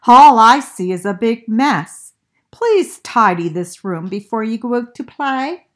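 A woman's voice: a little high, animated, unhurried. A woman reading aloud, voicing a firm mother turtle in a storybook who speaks emphatically.

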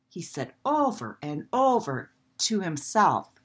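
A woman reading a children's storybook aloud in a gentle, expressive way. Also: medium pitch, takes it slowly, slightly rough.

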